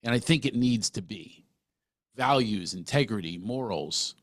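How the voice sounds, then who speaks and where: A man's voice: fairly low pitch, lively intonation, a little slow, dry recording, clean studio sound. A middle-aged man hosting a podcast, talking earnestly and emphatically, often restarting his sentences. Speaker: podcast host. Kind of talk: casual interview talk.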